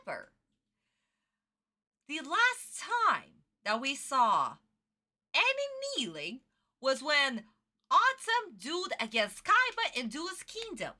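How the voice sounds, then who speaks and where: A woman streamer giving excitable, foul-mouthed reaction commentary on a cartoon, talking close into her own microphone from bed. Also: sits high, takes it slowly. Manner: excitable, swears freely, exaggerated outrage. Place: in bed at home. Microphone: own desk microphone, close.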